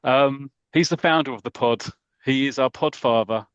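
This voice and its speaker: A man's voice: medium pitch, moderate pace, clear, resonant tone, no room sound, highs cut off. A British man hosting a podcast, playfully introducing each member of the team in a casual chat. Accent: British English. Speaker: podcast host.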